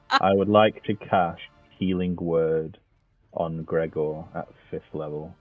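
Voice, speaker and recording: Player guy, very deep slow voice, dry dull mic, casual. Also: animated, gravelly, no room sound, soft background music. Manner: casual, swears. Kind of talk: casual tabletop play.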